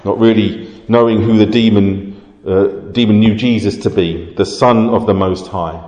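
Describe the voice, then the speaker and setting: A low-pitched man delivers a sermon, explaining scripture in a steady, measured way. His voice rings out with a long reverb, as if recorded in a large, roomy hall. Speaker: preacher.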